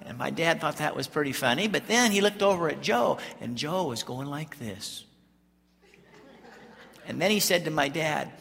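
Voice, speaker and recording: A pastor from Colorado tells an animated, folksy story during a sermon. His voice is bright and gravelly with a slightly high pitch. Long hall reverb trails his words. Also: moderate pace.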